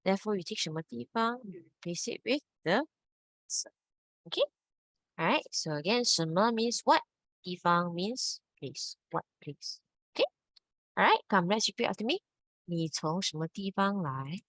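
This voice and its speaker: A woman's voice: mid-range voice, lively intonation, moderate pace, a bit bright, dry recording, low-quality recording. A woman teaching a Mandarin lesson, patiently checking understanding. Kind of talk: online language lesson.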